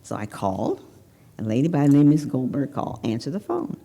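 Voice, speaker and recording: Older lady from evanston giving a grad speech, animated and blunt, voice rises and dips a lot. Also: extremely low pitch, fast, creaky, slightly rough. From Evanston, Illinois. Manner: candid, animated storyteller, talks straight to the audience. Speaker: commencement speaker. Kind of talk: personal storytelling speech. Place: banquet hall ceremony.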